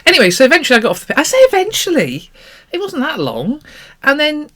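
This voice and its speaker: A woman, co-hosting a podcast and chatting in an animated, self-mocking way. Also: high-pitched, fast. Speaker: podcast co-host. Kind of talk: casual chat.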